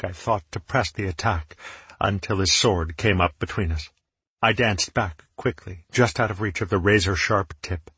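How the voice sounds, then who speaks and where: A man narrates a first-person fantasy audiobook with steady, dramatic storytelling. His voice is low and husky. The recording is dry, with no room sound. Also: no room sound.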